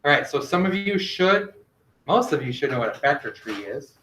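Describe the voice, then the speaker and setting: A male teacher giving a classroom math lesson, gently directing students and quizzing them with questions. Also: fairly high pitch, big pitch swings, normal speed, slight background noise. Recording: echoey classroom.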